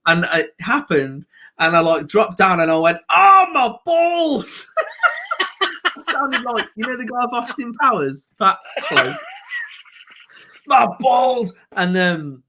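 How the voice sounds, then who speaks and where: A man's voice: high voice, wildly swooping pitch, sharp tone. A man with a Birmingham accent, co-hosting a football reaction stream in rambling, giggly casual chat. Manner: rambling, giggly, quick to laugh.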